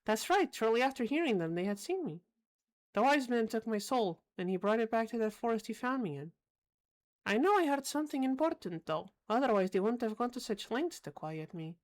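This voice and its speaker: A woman voicing a young princess in a game, speaking in a soft, earnest, storybook tone. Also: high voice, pitched above the performer's own voice, close to an everyday voice.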